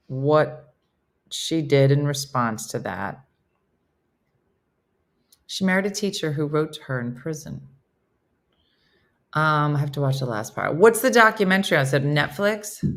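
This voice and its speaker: A woman with a low, dusky voice hosts a relaxed morning livestream. She reads out viewer comments and chats about them, often poking fun at herself. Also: a little slow, long pauses. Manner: chatty and self-mocking, breaks into laughter. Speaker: host of a morning livestream chat show. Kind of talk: casual live chat, reading viewer comments aloud.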